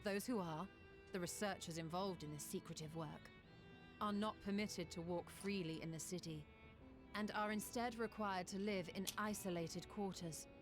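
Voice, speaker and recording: A woman's voice: fairly low pitch, steady tone, moderate pace, over music, lightly acted. An actress playing a serious woman sharing secretive information in a video game. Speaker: game character. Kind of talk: game dialogue.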